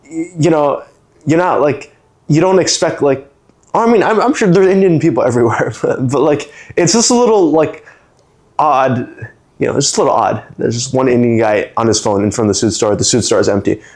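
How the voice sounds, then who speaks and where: Man, casual storyteller, mid pitch, loose and rambling, keeps dropping "like" and voicing the people in his story. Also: lively intonation, a little fast, a little mellow. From San Francisco. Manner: rambling, many "like" fillers, acts out other people's lines. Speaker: storytelling guest.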